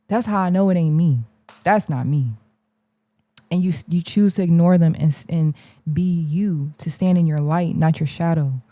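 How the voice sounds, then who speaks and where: Fiery, preachy woman with a lowish voice. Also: warm tone, dry recording. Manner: fiery, preachy, repeats rhetorical challenges; blunt, colloquial, drops into slang. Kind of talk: impassioned livestream monologue.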